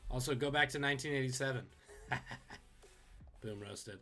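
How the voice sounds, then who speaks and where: A man hosting a live-streamed trivia quiz, reading questions and tossing in quick joking asides. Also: medium pitch, sharp tone, faint music behind. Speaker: trivia host.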